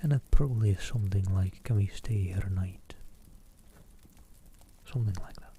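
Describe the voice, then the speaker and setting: Man in a dark, mellow ASMR whisper. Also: fairly low pitch, normal speed, a little hiss or hum. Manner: soft unvoiced whisper, reading a travel book aloud; self-deprecating asides between passages. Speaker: ASMR streamer.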